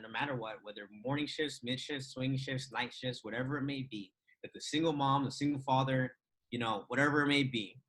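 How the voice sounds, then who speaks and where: This is a man speaking at an ordinary, mid-range pitch, in a loose and conversational way. He teaches trading and talks with heavy emphasis, driving his points home with rhetorical questions and frequent laughter. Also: a bit bright, low-quality recording. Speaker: trading educator. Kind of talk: casual motivational talk.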